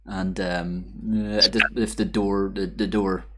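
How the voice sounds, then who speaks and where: A man narrating as dungeon master, describing scenes with frequent pauses and fillers. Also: low voice, level tone, heavy background noise. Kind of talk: narrating a tabletop game.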